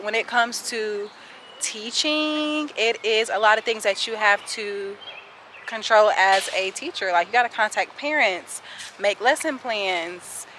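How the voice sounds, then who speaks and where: A woman's voice: medium pitch, pushed and bright, slight background noise. A young woman in her twenties, a teacher answering viewer questions in a casual vlog, chatty and sassy, out of breath as she walks and talks outdoors with a handheld camera. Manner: chatty, sassy, addresses viewers as sis and y'all. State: out of breath while walking. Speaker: kindergarten teacher and vlogger. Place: outdoors, walking.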